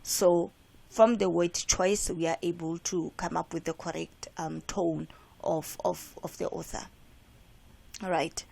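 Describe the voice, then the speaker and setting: A woman's voice: lowish voice, steady tone, unhurried, gravelly, dark tone. A woman with a South African accent, an English teacher explaining how to answer comprehension questions and checking in with "right?". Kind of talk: classroom lesson explaining exam questions.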